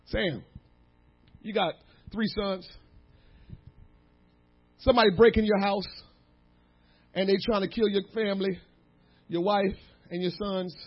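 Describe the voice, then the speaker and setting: A man preaching a sermon, moving between slow, quiet teaching and loud, shouted emphasis. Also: sits high, steady tone, dull audio.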